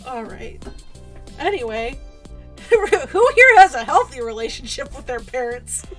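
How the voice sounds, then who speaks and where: A woman's voice: high voice, very animated, unhurried, a bit bright, faint music behind. Profane ranting woman streamer. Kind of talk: casual gameplay commentary and ranting.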